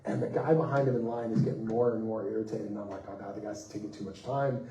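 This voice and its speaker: Animated man telling panel stories, roomy. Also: lowish voice, fast, recorded from a distance, a little hiss or hum. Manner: animated, acts out quoted voices, laughs mid-story. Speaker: comics writer on a festival panel. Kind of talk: anecdotal storytelling on a panel. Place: festival panel room. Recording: roomy echo, voice off-mic.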